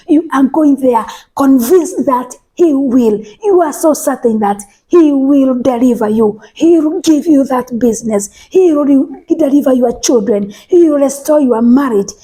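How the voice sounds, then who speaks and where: A woman preaches a sermon emphatically, repeating phrases, restarting words, and now and then sinking to a soft whisper. Her voice is high and unhurried, with few pauses.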